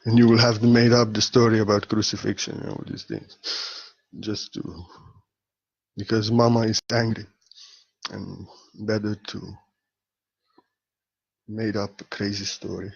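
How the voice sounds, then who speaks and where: Man, spiritual teacher, playful and laughing, loud bursts and soft murmurs, muffled recording. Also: fairly low pitch, level tone, measured pace, gravelly, pauses often, breathy edge. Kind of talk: informal spiritual talk. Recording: slightly dull lo-fi audio.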